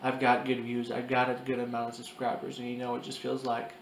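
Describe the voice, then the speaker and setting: A young man in his early twenties cries as he talks to his camera in a personal vlog. His voice stays flat and monotone, halting, restarting and repeating himself. The room is echoey, with a faint hiss behind him. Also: mid-range voice. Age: 20s. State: crying. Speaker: vlogger. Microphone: camera mic.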